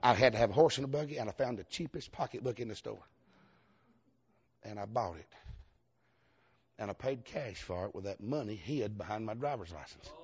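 A man's voice: lowish voice, animated, brisk, long pauses. A man with a Southern US accent, a Baptist preacher telling a humorous story in a sermon, folksy and emphatic, laughing often and calling out to the congregation. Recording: dull lo-fi sound.

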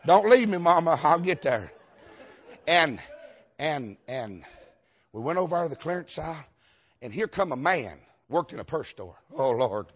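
Southern male Baptist preacher, fairly high voice, folksy storytelling sermon, dull lo-fi sound. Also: very animated, measured pace, long pauses, fairly bright tone, a faint crowd. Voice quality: folksy, emphatic, laughs often, calls for amens.

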